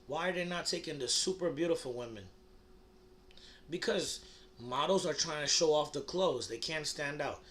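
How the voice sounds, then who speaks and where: A man's voice: fairly high pitch, normal speed, fairly bright tone, a little hiss or hum. A young man with a slightly raised voice rambles through a crude, provocative comedy monologue. He talks in loose bursts, stumbling and restarting, with "like" and "you know" everywhere. A faint ambience hums behind him. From United States. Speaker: comedy vlogger.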